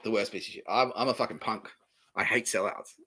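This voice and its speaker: A man's voice: on the low side, a little fast, pushed and bright, husky. A man hosting a comedy podcast, ranting in a profane monologue and laughing often. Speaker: podcast host.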